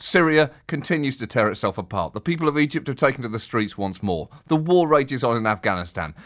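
A man's voice: medium pitch, fairly bright tone. A man hosting a comic podcast, theatrical and mock-outraged, swearing for emphasis. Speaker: podcast host.

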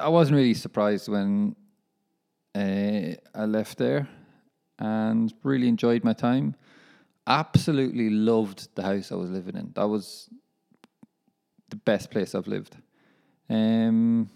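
Warm in tone with medium pitch and some vocal fry, this young professional footballer hosts a solo podcast. His chat is loose, rambling and self-deprecating, and he calls his listeners lads.

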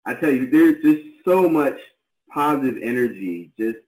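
A man's voice: mid-range voice, lively intonation, moderate pace, darkish tone, echoey room, poor audio. A man co-hosting a podcast, talking in an effusive, rambling, enthusiastic way. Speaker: podcast co-host. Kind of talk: casual podcast chat.

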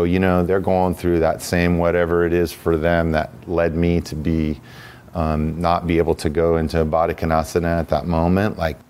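A man's voice: low-pitched, a little mellow, a little hiss or hum. A man talking as a podcast guest, telling personal stories in a reflective, casual way, often restarting sentences and saying "you know". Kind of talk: casual conversational storytelling.

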